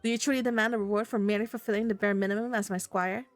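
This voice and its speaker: A woman's voice: mid-range voice, fairly even intonation, rapid-fire, soft background music, lightly acted. A woman voicing a haughty male knight who talks down to a human squire in formal, old-fashioned phrasing, as in a game read-aloud. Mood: condescending. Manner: formal, archaic, disdainful phrasing. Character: haughty, pompous male knight, cold and condescending.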